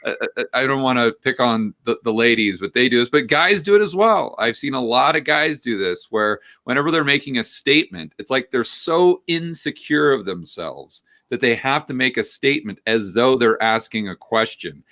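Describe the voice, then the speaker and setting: Bright-voiced man in casual chat. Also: medium pitch, moderate pace, few pauses. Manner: animated, repeats words when starting sentences. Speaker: interview guest, finance commentator. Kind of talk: casual podcast conversation.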